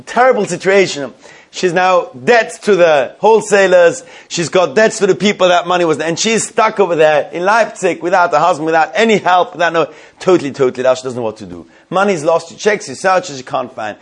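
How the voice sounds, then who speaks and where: A male teacher telling a story to a class, animated, with many restarts, stopping to quiz students. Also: on the high side.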